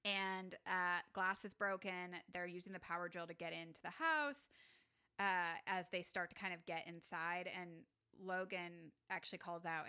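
A woman's voice: on the low side, normal speed, pushed and bright, clean tone. A young woman co-hosting a podcast, casually retelling a film scene by scene and acting out the characters' lines. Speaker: podcast co-host. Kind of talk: casual movie recap chat.

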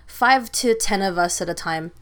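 A woman's voice: mid-range voice, moderate pace, a bit bright, smooth. A young woman with an Australian accent, chatting casually as a filmmaker guest and telling stories with lots of filler words. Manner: chatty, storytelling, lots of likes and ums. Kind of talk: casual conversation.

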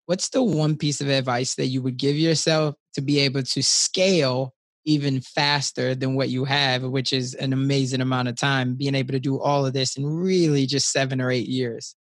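A man's voice: mid-range voice, flat delivery, normal speed, no echo, clean studio sound. A man hosting an interview, posing long, winding questions to his guest. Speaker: podcast host.

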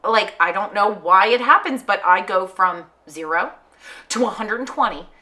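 A young adult woman hosting a podcast, telling stories in an animated, casual way and swearing freely. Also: medium pitch, moderate pace. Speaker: podcast host. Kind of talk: casual chat.

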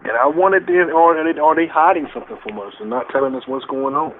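A man's voice: a little high, a little hiss or hum. Hesitant man on a tinny phone line. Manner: hesitant, halting, with many fillers. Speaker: caller. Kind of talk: casual phone call-in chat.

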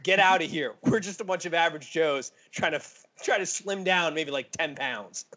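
A man's voice: a little high, moderate pace, fairly bright tone. A man hosting a casual podcast, blunt and joking with mild cursing. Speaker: podcast host. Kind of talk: casual chat.

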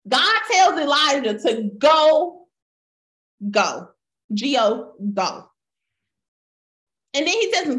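High-voiced woman preaching in an echoey room. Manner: animated retelling with playful voiced quotes; addresses listeners as y'all. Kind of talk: sermon. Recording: roomy echo.

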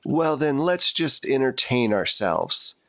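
A charming rogue flirts in an easy, teasing way, voiced by a man running the game. The voice stays at a middle pitch and sounds close and dry. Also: big pitch swings, takes it slowly, fairly bright tone, no echo, exaggerated voice.

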